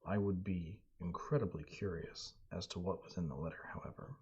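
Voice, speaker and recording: A man's voice: low voice, steady tone, a little fast, darkish tone, slightly rough. A man doing a wary old hunter. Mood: wary counsel. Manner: suspicious, fatherly, calls the young man boy. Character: gruff older male hunter and trapper, wary. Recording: dull lo-fi audio.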